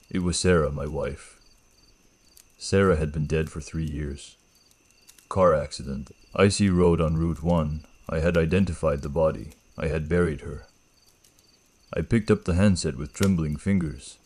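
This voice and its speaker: Male horror narrator, very low and husky, grave measured delivery. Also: fairly even intonation, darkish tone. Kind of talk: first-person horror story narration.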